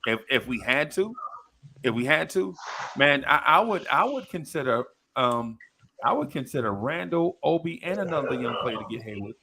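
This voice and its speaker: A man co-hosting a fan podcast, making his case with lots of restarts and animated pushing. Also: mid-range voice, normal speed, creaky, slight background noise. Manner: animated, stammering restarts, argues his point. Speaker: podcast co-host. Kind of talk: casual sports chat.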